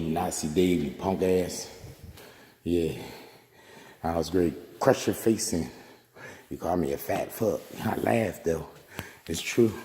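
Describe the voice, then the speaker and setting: A man's voice: deep voice, mellow, husky. A man giving a casual, rambling monologue while showing off his new room, boastful and full of joking trash talk.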